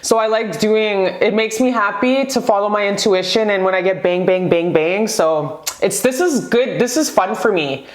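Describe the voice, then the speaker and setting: A woman doing a casual pick-a-card tarot reading, excitable and gushing, rambling into asides and swearing freely. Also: mid-range voice, normal speed, hardly any pauses, roomy sound.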